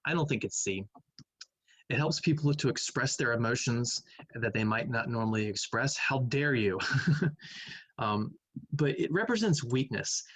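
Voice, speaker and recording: Male teacher, mid-pitched, casual think-aloud lecture delivery, dry close recording. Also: a bit bright, dry recording, low-quality recording. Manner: conversational, thinking aloud, hums while reading. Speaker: math teacher. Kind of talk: recorded online lecture going over quiz questions.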